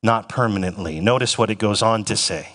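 A man's voice: lowish voice, a bit bright. Emphatic male pastor in a reverberant hall. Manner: emphatic, slows down to stress scripture phrases. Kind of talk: sermon.

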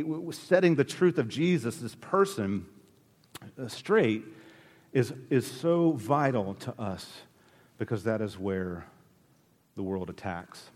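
A man preaching a sermon as pastor, emphatic, with sharp rises and drops in his delivery. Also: medium pitch, long reverb tail.

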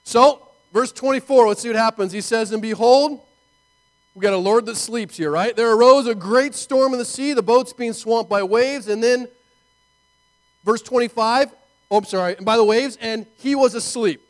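A man preaching a sermon in an animated, conversational way, full of rhetorical asides to his listeners. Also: very high-pitched, normal speed, poor audio. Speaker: pastor.

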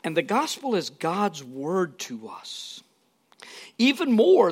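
A man's voice: sits high, huge pitch swings, takes it slowly, breathy edge. A man preaching a sermon in an earnest, emphatic way, with casual asides to the congregation. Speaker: pastor.

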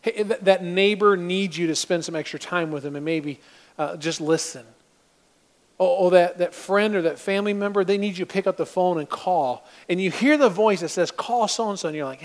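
A man preaching a sermon as pastor, animated and acting out little scenes in different voices. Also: high voice, moderate pace.

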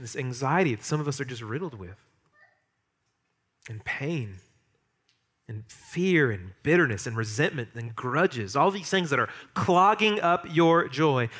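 A man preaching a sermon as pastor, lively, emphatic and humorous. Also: mid-range voice.

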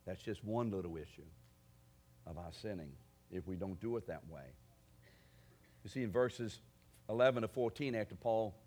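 A man preaching a sermon, asking his congregation direct questions and building to forceful declarations. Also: fairly low pitch. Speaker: pastor.

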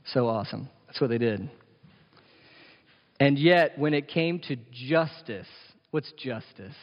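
A man's voice: mid-range voice, animated, slow. Man preaching in an echoey hall. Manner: emphatic, rhetorical questions; playful, jokey asides. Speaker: pastor. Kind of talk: sermon. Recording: echoey hall, dull lo-fi sound.

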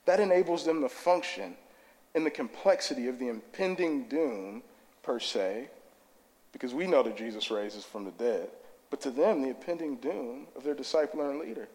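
A man's voice: medium pitch, lively intonation, moderate pace, a little mellow. Enthusiastic male preacher in a reverberant hall. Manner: casual, enthusiastic, conversational preaching. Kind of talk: sermon. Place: church sanctuary.

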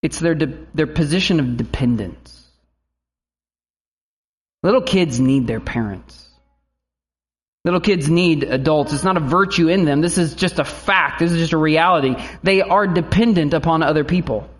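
A man's voice: on the high side, normal speed. A man in his thirties, a pastor giving a conversational sermon who acts out quotes and family stories.

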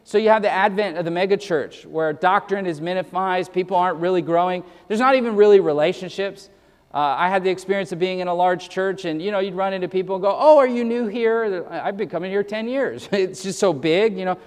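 A man's voice: sits high, steady tone, quick pace, clean tone, in a large hall. A man preaching a sermon as pastor, earnest and emphatic, rattling off verse references and often repeating his first words. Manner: repeats words when starting sentences.

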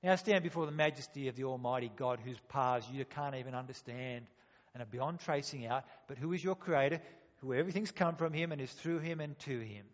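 Preacher in a reverberant hall. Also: male voice, medium pitch, brisk. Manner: rhetorical questions, acted-out quotes. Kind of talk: sermon. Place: church hall. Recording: dull sound, long hall reverb.

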